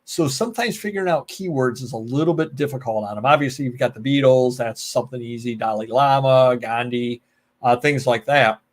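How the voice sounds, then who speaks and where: A man's voice: mid-range voice, brisk. An American man hosting a live stream alone, chatting casually, joking, going off on tangents and answering viewer comments. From United States. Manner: rambling, joking, goes off on tangents. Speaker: live show host.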